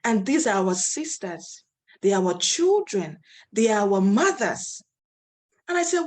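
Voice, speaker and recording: A woman's voice: medium pitch, sing-song, measured pace, darkish tone. A woman from Nigeria, a nonprofit founder, telling her story as a guest speaker over a video call, earnest and passionate. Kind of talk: interview storytelling.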